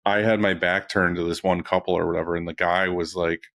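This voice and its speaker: A man hosting a podcast, telling stories in a relaxed, casual way with the odd swear word. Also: sits low, a little fast. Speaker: podcast host. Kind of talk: casual interview chat.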